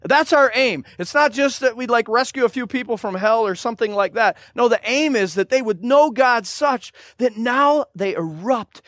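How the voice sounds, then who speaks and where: A man preaching a sermon, lively and animated, who acts out other people's voices in his stories. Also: very high-pitched, normal speed, few pauses, no echo, clean studio sound. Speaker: pastor.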